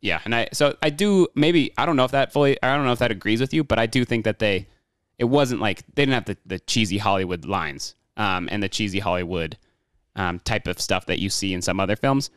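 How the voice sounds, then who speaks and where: Rambling low-voiced man discussing a film. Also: brisk, a bit bright, clean tone, no room sound, clean studio sound. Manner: rambling, many fillers and restarts. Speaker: podcast co-host. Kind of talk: casual movie discussion.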